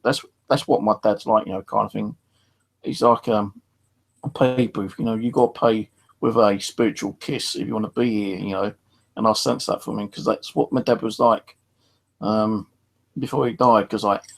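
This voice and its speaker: A man's voice: fairly low pitch, gravelly. A middle-aged man streaming, talking in a casual, rambling monologue full of fillers. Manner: rambling, many fillers and restarts.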